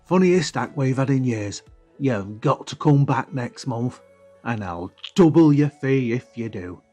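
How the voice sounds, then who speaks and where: Cheerful male club manager, hearty and unhurried, read by a male narrator. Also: mid-range voice, lively intonation, dark tone, faint music behind. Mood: pleased.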